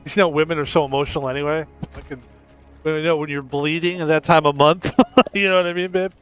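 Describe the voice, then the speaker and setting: A man's voice: fairly high pitch, fairly even intonation, fast, a bit bright, clean tone, faint music behind. A man streaming a game, rambling in casual commentary with crude, joking asides.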